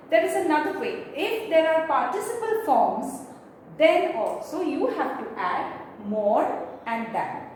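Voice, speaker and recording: An English teacher with a high, darkish voice gives a slow classroom grammar lesson, explaining step by step and spelling out letters. The room is echoey, the mic sits far off, and there's faint noise.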